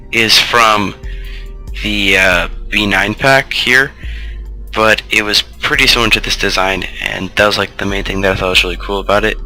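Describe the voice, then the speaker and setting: A man's voice: on the low side, bright, forceful tone, rough recording. A man hosting a let's play, giving loose, rambling gameplay commentary full of asides.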